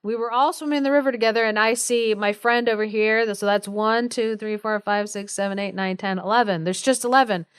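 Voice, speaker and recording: A woman's voice: medium pitch, fairly even intonation, a little fast, hardly any pauses, clear, resonant tone, dry recording, lightly acted. A woman on a podcast voicing a group of earnest, simple-minded village men in a folk tale, in a slightly raised, eager voice.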